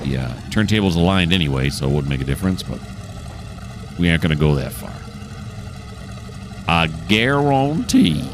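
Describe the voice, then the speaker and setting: Deep-voiced man chatting through a train game. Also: quick pace. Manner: thinks aloud, chatty and self-mocking. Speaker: train simulator player. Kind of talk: casual gameplay commentary. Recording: game engine noise behind the voice.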